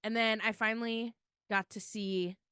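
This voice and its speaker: Bright, gushing young woman podcaster. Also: fairly high pitch, normal speed, clean tone, no room sound, clean studio sound. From Florida. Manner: gushing, tearful excitement, lots of "like". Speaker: podcast co-host. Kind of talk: casual podcast chat.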